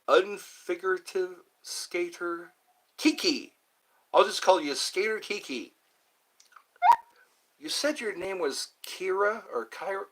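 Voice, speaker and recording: An older man hosting a live stream, chatting casually with viewers in a rambling, playful way and slowly sounding out their names. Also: high voice, lively intonation, a bit bright, poor audio.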